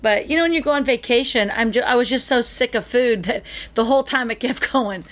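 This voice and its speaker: A woman co-host chatting casually and telling a lively story, acting out what people said. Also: fairly high pitch, fairly quick. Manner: chatty, animated storyteller who acts out quotes.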